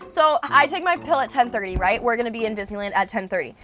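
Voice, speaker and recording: A young woman co-hosting a podcast, telling a story in animated, gossipy casual chat and swearing freely. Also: a little high, fast talker, faint music behind. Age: young adult. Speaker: podcast co-host.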